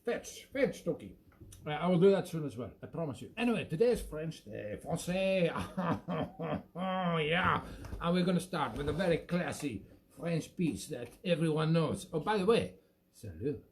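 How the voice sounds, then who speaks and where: A man's voice: fairly high pitch, expressive, normal speed, slight background noise. A man playing a bumbling French show host, talking in an exaggerated fake French accent that drifts toward Italian on a home webcam stream. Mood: jolly. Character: bumbling male French host, hammy and chatty. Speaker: livestream music show host. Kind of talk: comic live-stream banter.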